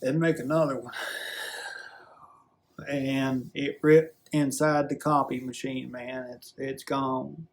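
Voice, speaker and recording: A man vlogging a rambling, earnest confessional story, halting often and restarting his sentences. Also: medium pitch, level tone. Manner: halting, earnest, with many restarts and drawn-out fillers.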